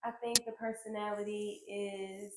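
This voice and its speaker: A woman's voice: mid-range voice, flat delivery, measured pace. A woman co-hosting a podcast in casual chat, talking frankly with many fillers and casual swearing. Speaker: podcast co-host. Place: indoor room, on a couch. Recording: echoey room, faint noise.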